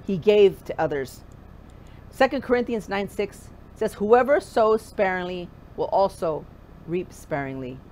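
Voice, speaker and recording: A woman's voice: medium pitch, lively intonation, a little slow, darkish tone, slight background noise. A woman pastor preaching a conversational sermon, often asking the listener direct questions.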